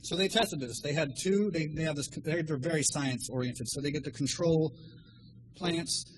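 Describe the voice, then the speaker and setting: A man in his thirties preaching a sermon, telling stories with animated energy and acting out voices. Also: a little high, moderate pace, a little hiss or hum, poor audio. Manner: animated storytelling, acts out voices. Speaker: lay preacher.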